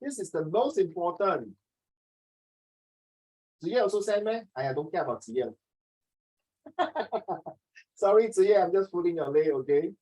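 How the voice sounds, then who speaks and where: A man teaching an online English class over a video call, talking fast and jokingly, often ending his sentences with "ah" and "okay". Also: high-pitched, lively intonation, mellow, poor audio.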